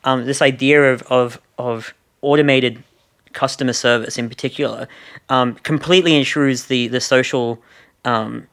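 A man's voice: mid-range voice, steady tone, normal speed, fairly bright tone. A man with an Australian accent, co-hosting a casual discussion and talking in rambling bursts full of restarts, fillers and dry sarcasm.

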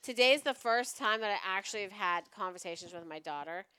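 A woman's voice: mid-range voice, animated, brisk, pushed and bright, clear, resonant tone, no room sound. A woman in casual chat, blunt and matter-of-fact about family matters.

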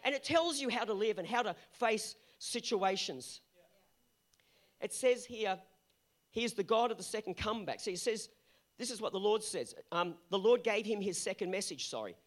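Man, pastor, high voice, earnest emphatic sermon. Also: animated, normal speed. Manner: earnest preaching with rising emphatic peaks.

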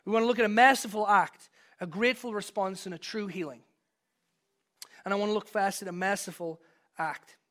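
Bright, high-voiced storytelling preacher. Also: male voice, steady tone, a little fast, long pauses. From from outside the US. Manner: storytelling, conversational, builds to emphatic peaks. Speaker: pastor. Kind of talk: sermon.

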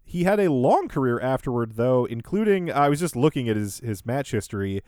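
A man's voice: medium pitch, big pitch swings, a little fast, darkish tone, clean tone, dry recording. Man recapping a wrestling show, dry sound. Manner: recaps events in order, laughs easily. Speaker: podcast host. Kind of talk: casual recap chat.

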